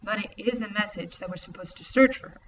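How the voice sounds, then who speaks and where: A woman reading an audiobook, voicing a calm, amused teenage boy who speaks in a slow, wry, measured way. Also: mid-range voice, natural voice. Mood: earnest. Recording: distant, muffled, faint hiss.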